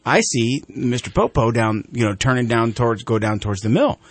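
A middle-aged talk show host tells a casual story as an animated storyteller, acting out the voices of the people in it. His mid-range voice is brisk and slightly rough, with no room sound.

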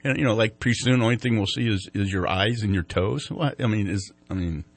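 A man's voice: on the low side, fast talker. A man hosting a TV morning show, chatting casually and telling rambling jokes. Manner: joking, rambling storyteller. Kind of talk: casual chat.

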